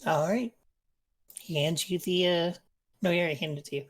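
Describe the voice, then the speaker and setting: A woman narrating as game master in a relaxed, casual way. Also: on the low side, a little fast.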